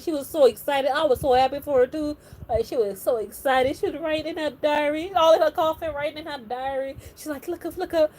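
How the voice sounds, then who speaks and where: A woman's voice: sits high, a little mellow, poor audio. A woman hosting a livestream, chatting casually and animatedly with many filler words. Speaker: livestream host. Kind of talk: casual reaction chat.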